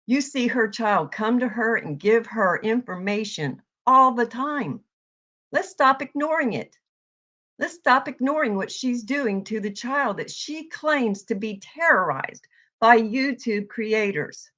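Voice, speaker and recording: A woman giving a heated, profane commentary rant, yelling at times. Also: on the high side, lively intonation, unhurried. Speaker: online commentator.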